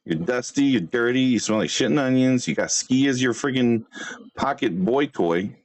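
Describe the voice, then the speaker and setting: A man hosting a livestream, roasting other streamers in brash, swearing, fast bursts. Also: mid-range voice, animated. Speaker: livestream host.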